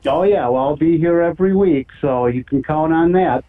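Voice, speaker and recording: A man's voice: fairly high pitch, moderate pace. Minnesotan man on a tinny phone line. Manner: friendly, rambling, lots of fillers. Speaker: caller. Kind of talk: casual call-in chat.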